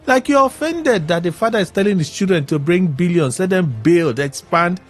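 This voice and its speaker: Animated radio host, man. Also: sits high, moderate pace, soft background music. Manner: animated, exclaims and laughs as he recaps. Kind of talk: casual radio commentary.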